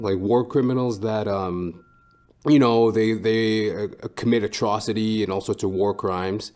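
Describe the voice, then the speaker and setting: A podcast host talks in a rambling, casual monologue, swearing freely and padding his sentences with "like" and "um." His voice sits a little lower than most men's. He sounds loose and unscripted. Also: slow pace, darkish tone. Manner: profane, rambling, heavy fillers.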